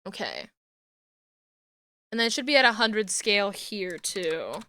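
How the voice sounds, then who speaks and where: A woman's voice: mid-range voice, very animated, a little slow, bright, forceful tone. A woman streamer chatting casually and thinking aloud while she works. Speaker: streamer rigging a model. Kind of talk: casual livestream chat while working.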